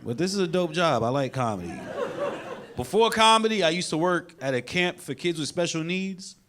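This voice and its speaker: A man's voice: fairly high pitch, lively intonation, normal speed, crowd noise. A man doing a stand-up set in a comedy club, telling stories with punchy delivery. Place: comedy club stage with laughing audience.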